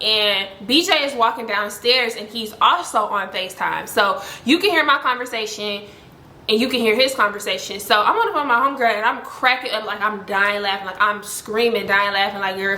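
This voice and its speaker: A young woman telling a story in a casual vlog, animated and full of "like". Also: echoey room. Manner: animated, heavy use of "like", voices other people with high pitch jumps. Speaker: storytime vlogger.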